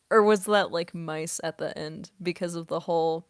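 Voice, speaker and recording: Young woman streamer, somewhat low voice, unhurried, laid-back Q&A chatter. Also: smooth. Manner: relaxed and rambling, many fillers, laughs often, eating while talking. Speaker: streamer and voice actress. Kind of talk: casual stream Q&A chat.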